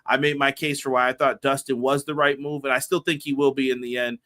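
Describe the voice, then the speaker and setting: A young man co-hosting a wrestling podcast, chatting casually and acting out quoted conversations with animated storytelling. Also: medium pitch, fairly quick. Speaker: podcast co-host. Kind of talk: casual chat.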